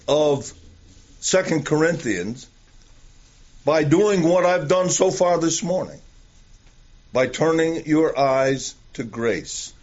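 Slow, earnest preacher man. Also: a little high, animated, darkish tone. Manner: earnest, deliberate, tells stories. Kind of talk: sermon. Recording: dull lo-fi recording.

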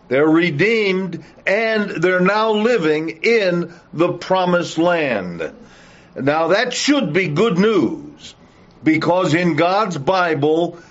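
A male Bible teacher leads a lesson and a prayer, unhurried and deliberate, leaning into key words with quiet conviction. His voice sits a little high for a man and comes through a muffled, lo-fi recording. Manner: slow, earnest, emphatic teaching with uh fillers. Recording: dull lo-fi recording.

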